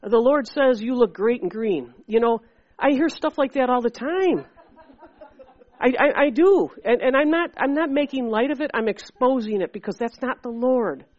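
A woman preaching a sermon in a lively, conversational way, acting out little voices as she goes. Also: high-pitched, moderate pace, dull audio. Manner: animated and conversational, acts out voices.

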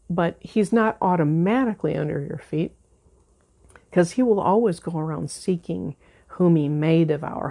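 Low, gravelly woman preaching. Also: dark tone. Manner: earnest, emphatic, repeats words for stress. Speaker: pastor. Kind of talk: conversational sermon.

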